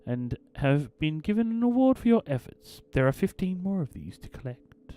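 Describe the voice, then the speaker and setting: A man's voice: a little high, very animated, normal speed, dark tone, clean tone. A man hosting a let's play, commenting casually and reading game text aloud in a theatrical storytelling way. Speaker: gaming channel host.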